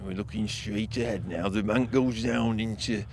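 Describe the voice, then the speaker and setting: An actor playing a nervous man exploring dark woods in a folk horror audio drama, speaking in a hushed, wry way. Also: mid-range voice, unhurried, creaky. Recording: noisy outdoor woodland recording.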